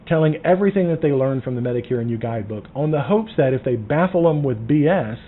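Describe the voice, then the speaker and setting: A man from the Southern United States coaching insurance agents on phone sales, emphatic and sometimes dropping to a hushed tone. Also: expressive, quick pace. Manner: emphatic, drops to a low hush for key points. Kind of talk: casual teaching monologue. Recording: tinny phone-like sound with faint noise.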